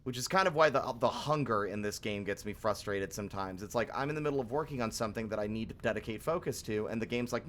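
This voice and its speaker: A man's voice: lowish voice, fast, few pauses, a bit bright. A young man live-streaming a game, talking casually and frankly, grumbling and swearing freely.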